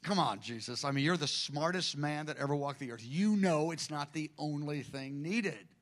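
A man preaching a sermon in a conversational, animated way, often acting out quoted speech. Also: fairly high pitch, normal speed.

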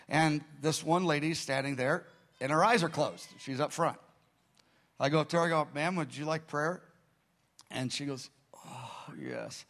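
A man preaching, with a voice that sits a touch higher than most men's. He tells his story with animation, acting out each quote and swinging between soft, hushed lines and loud cries. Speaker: pastor. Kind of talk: sermon storytelling.

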